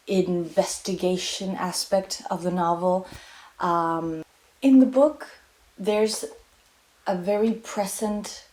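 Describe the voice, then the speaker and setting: A woman's voice: fairly low pitch, darkish tone. A young woman vlogger rambling casually about a book, chatty and full of fillers and tangents.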